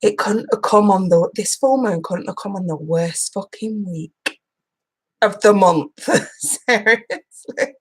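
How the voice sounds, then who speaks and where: A woman's voice: mid-range voice, unhurried, slightly rough, low-quality recording. A woman, a tarot reader hosting a live stream in a casual chat, greeting viewers by name, swearing freely and emotional, laughing through it. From United Kingdom.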